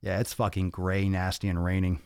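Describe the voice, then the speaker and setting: A male podcast host, out of breath, chatting casually on a livestream and reading viewer comments in an energetic, profane, rambling way into a podcast mic. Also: low voice, normal speed, gravelly, clear, resonant tone, no room sound, clean studio sound. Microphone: podcast microphone.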